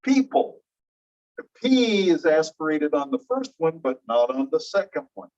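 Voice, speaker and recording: In a phonetics class, a linguistics teacher lectures patiently, quizzing students and spelling out examples. The voice is medium-pitched, very animated, and a little mellow at a moderate pace, though the audio sounds dull.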